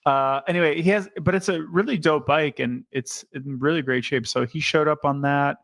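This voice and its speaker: A man co-hosting a casual podcast in a fairly high voice. He talks in a chatty, enthusiastic way and jokes as he goes, recorded close and dry. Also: fairly even intonation, normal speed, gravelly, fairly bright tone, no room sound. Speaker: podcast co-host. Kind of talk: casual chat.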